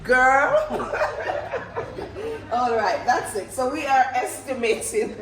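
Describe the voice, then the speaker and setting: A woman teaching a lively phonics lesson to children, upbeat and coaxing call-and-response answers. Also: sits high, extremely slow. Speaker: reading teacher. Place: classroom. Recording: echoey classroom from far off.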